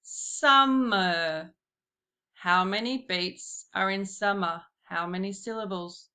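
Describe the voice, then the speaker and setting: A woman giving a slow, patient classroom lesson, talking straight to her pupils. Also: medium pitch, fairly even intonation, bright, forceful tone. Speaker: primary school teacher.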